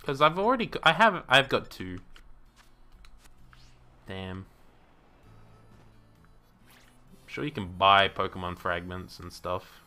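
A man streaming a game, talking casually to himself and viewers, swearing freely, laughing often and bursting into loud outrage. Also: sits low, expressive, takes it slowly, pauses often, faint music behind. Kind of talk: casual gameplay commentary.

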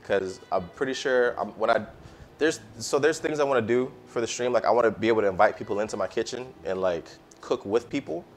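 A cooking streamer from the United States talks with his live audience in a relaxed, slangy manner as he cooks. He has a mid-range voice and speaks a little fast, with slight background noise and faint music behind him.

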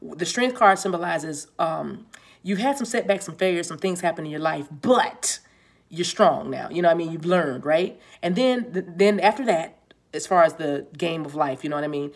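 A woman's voice: fairly low pitch, normal speed. A woman giving a casual tarot reading to her viewers, chatty and repeating herself, with laughs often. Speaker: tarot reader.

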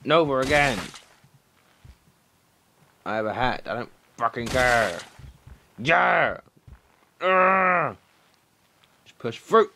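A young man doing let's play commentary, excitable and swearing, shouting at the game. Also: medium pitch, takes it slowly, creaky, pauses often, a little hiss or hum. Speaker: gaming commentator.

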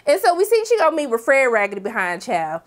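A woman hosting a TV episode recap, talking in a sassy, slangy, animated way with dramatic asides. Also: on the high side, fast. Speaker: TV recap host. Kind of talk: casual episode recap commentary.

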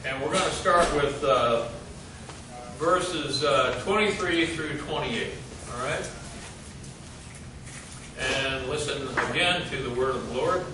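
Slow, halting man leading Bible study. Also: medium pitch, distant mic. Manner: halting, many fillers, quizzes the group. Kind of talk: group Bible study teaching. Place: church meeting room. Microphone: distant room mic. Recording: echoey room recorded from afar, noisy.

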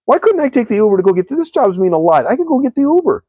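Brief: a man doing a frantic young job-seeker, pitched high, pleading and desperate. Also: big pitch swings, quick pace, mellow, slightly rough, dry recording, highs cut off, full character voice. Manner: pleading, cries out at God.

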